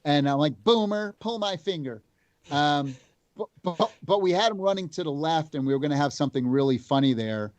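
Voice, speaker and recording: A man, a game developer guest, telling stories in casual chat, animated and full of restarts. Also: on the high side, a little fast, no room sound, lo-fi sound.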